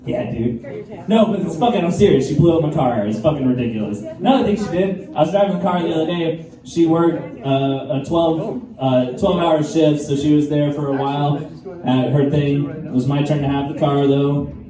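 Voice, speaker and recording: A man with a somewhat high voice performs a loose, profane stand-up set, laughing along with his own jokes. The mic sounds distant in a very echoey room. Audience noise is clearly heard throughout. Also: normal speed, a crowd in the background. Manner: profane, laid-back storytelling with laughs. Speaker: stand-up comedian. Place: live comedy venue with audience.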